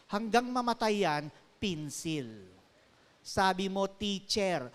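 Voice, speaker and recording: A middle-aged Filipino man with a high-pitched voice addresses a college faculty as guest speaker. He talks in a chatty way, mixing English and Tagalog, throwing questions at the room and chuckling between phrases. A long echo from the hall trails each line. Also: sing-song, slow pace. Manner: chatty, switches between English and Tagalog, asks the audience often; laughs while speaking. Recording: echoey hall reverb.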